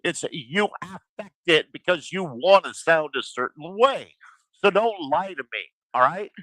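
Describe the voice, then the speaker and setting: A man lectures in a bright, forceful voice, emphatic and scolding. His pitch sits a little high and the sound is dry and close. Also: animated, a little slow, dry recording, low-quality recording. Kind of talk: heated group chat.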